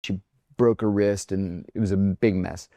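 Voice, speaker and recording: A man's voice: sits low, moderate pace, no echo. A middle-aged man being interviewed, telling a personal story and acting out what each person said. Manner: animated storyteller who acts out quoted lines. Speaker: interview guest.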